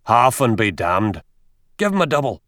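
A man voicing a gruff, burly older country doctor who growls and blusters, in an audiobook reading. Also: mid-range voice, sing-song, moderate pace, fairly bright tone, no room sound, clean studio sound.

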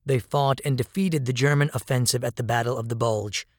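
A man narrating a dramatic story in a measured, grave way. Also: medium pitch, fairly even intonation, no room sound, clean studio sound.

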